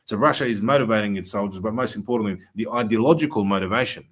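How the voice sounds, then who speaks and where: Lower-voiced host, earnest. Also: male voice, fast talker. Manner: earnest, many filler uhs, rising emphasis. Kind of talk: political talk show.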